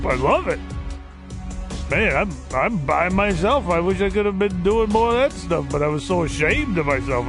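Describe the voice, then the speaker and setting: A man voicing a gruff, rambling old progressive Italian man with a put-on Italian accent. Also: fairly high pitch. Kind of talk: comic impression while gaming.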